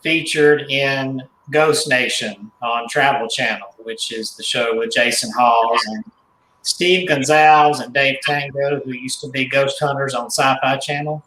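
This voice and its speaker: A man being interviewed as a guest, speaking in a mid-pitched voice and stopping often to correct himself. His voice rings around an echoey room. A faint hum sits underneath. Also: steady tone, measured pace, bright, forceful tone. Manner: hesitant, many fillers and self-corrections. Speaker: guest, doll collector. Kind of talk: casual interview.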